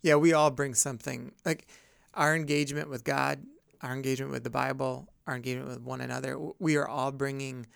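Gravelly, smooth-voiced man chatting earnestly. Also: medium pitch, flat delivery, a little fast, no room sound. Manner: rambling, earnest, many fillers and restarts. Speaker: podcast host and pastor. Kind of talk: casual podcast discussion.

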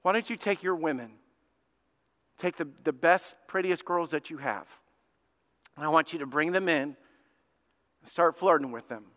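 A preacher voicing a scheming old prophet for hire. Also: male voice, on the high side, normal speed, pauses often, fairly bright tone, in a large hall, close to an everyday voice. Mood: conspiratorial.

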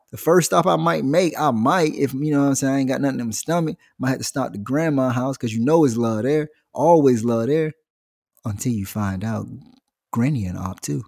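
Male comic, gravelly, animated slangy monologue. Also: medium pitch. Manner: animated slangy storytelling, jumps into voices. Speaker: comedian. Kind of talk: stand-up style comic monologue.

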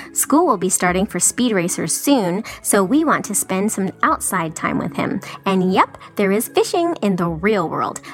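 A woman podcast co-host reading a listener's email aloud in a chirpy, lively way. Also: fairly high pitch.

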